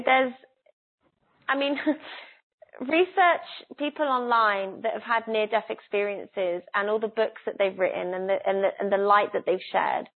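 A woman giving a live spiritual reading, speaking in a soft, earnest, coaxing way and slowing down on key phrases. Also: fairly high pitch. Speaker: spiritual intuitive guide. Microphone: laptop on a video call. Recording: tinny phone-like call audio.

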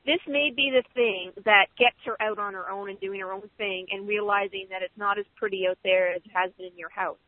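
A woman's voice: medium pitch, steady tone, brisk, hardly any pauses, no room sound. A woman co-hosting a call-in radio show, backing the host with brief agreements and encouraging remarks. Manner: supportive, frequent brief agreements. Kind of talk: casual call-in radio chat. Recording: tinny phone-line sound, dry.

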